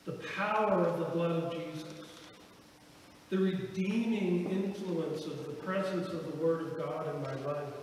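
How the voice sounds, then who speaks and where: Man, pastor, high voice, slow sermon delivery, echoey hall, distant mic. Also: a little hiss or hum. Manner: storytelling, acts out quoted voices. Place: church sanctuary. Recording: echoey church hall from far off.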